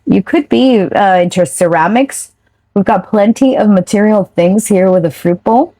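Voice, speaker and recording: A woman's voice: medium pitch, normal speed, mellow. A woman giving a casual, chatty tarot reading straight to her viewers, now and then swearing offhand. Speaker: tarot reader.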